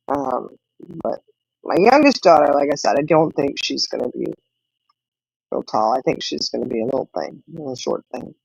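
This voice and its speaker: A woman's voice: low-pitched, gravelly, no room sound, dull audio. A middle-aged woman, chatting casually with viewers and rambling through family stories with laughs. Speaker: livestream host.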